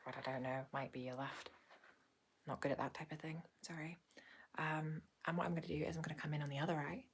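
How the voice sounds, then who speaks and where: Low-voiced woman in whispered role-play. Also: fairly even intonation, a little hiss or hum. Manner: soft-spoken and unhurried, with frequent hesitant "um"s. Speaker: ASMR creator playing a doctor. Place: small indoor home filming room.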